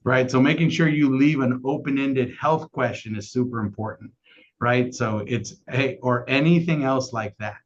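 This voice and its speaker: Man, mid pitch, energetic trainer on a call, keeps checking in with "right?", dull lo-fi audio. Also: normal speed. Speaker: insurance sales trainer.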